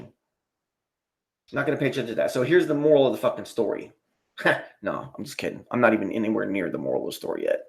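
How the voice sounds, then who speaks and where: A man's voice: medium pitch, vocal fry. Profane, worked-up male stream host. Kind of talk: casual live stream rant.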